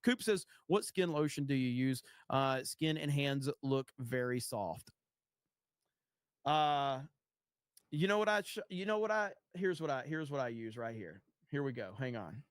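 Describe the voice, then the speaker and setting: A man's voice: mid-range voice, lively intonation, a little slow, smooth, dry recording, clean studio sound. A man hosting a casual livestream, rambling and swearing freely as he reads chat messages aloud and tells stories. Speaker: streamer.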